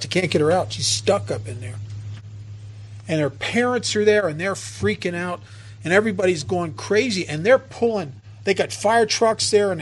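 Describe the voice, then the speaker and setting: A man's voice: high-pitched, husky. A man speaking at a recovery meeting, telling stories from his own life in an earnest way with many restarts. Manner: earnest, storytelling, frequent restarts. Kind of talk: personal talk at a meeting.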